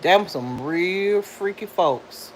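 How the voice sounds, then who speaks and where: Chatting with her live-stream audience, a middle-aged woman responds to commenters in a lively, slightly low, sing-song voice and laughs a lot. She speaks slowly, and the low-quality recording has a faint background hiss.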